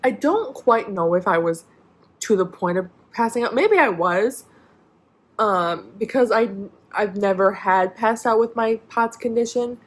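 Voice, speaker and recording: A woman's voice: mid-range voice, lively intonation, unhurried. Young woman vlogger, chatty rambling storyteller. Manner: rambling, many "like" fillers and restarts. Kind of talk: casual storytime.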